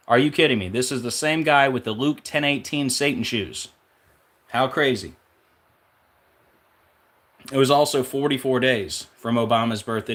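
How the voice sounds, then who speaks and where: A man's voice: mid-range voice, a bit bright. A man hosting a casual numerology video, rattling off number connections in a conspiratorial way and often going off track. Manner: rapid, listing numbers and links, conspiratorial; off-track, searching aloud with fillers. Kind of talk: casual rambling monologue.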